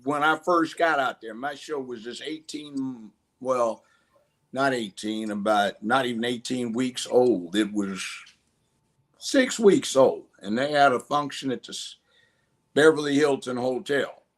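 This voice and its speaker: A man's voice: medium pitch, a little slow. A man in his seventies from Los Angeles, speaking as a guest in a conversational interview, emphatic and given to acting out voices in his stories. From Los Angeles, United States. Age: 70s. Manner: emphatic storyteller who acts out voices.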